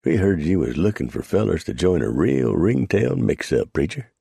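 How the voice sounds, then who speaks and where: A man voicing an excitable, rowdy male frontier trapper who talks raised and eager. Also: low-pitched, normal speed, creaky, slightly rough, dry recording, clean studio sound, pitched above the performer's own voice, heavily acted.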